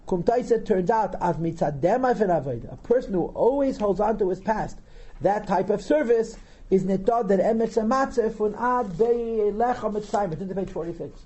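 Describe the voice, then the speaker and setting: A man's voice: high-pitched, moderate pace, warm tone, muffled recording. A man teaching a text class as a rabbi, translating line by line and asking rhetorical questions. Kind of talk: lecture on Torah text, reading and translating.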